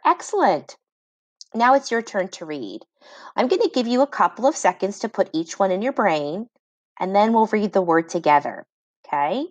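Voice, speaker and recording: A woman reading teacher gives children a phonics lesson, sounding out words slowly syllable by syllable and praising every attempt. Her medium-pitched voice is sing-song. The recording is dry and dull.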